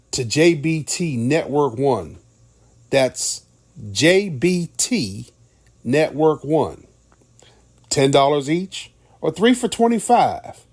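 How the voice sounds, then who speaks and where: A man reading out a raffle announcement in a measured way, spelling out letters. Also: medium pitch, a little mellow. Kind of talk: read announcement.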